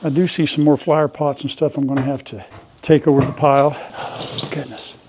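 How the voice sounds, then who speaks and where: Working through a dusty farm outbuilding and yard, an older vlogger keeps up a casual, folksy patter for his audience and coughs occasionally. His medium-pitched delivery is level and fairly quick, with a lot of noise in the recording.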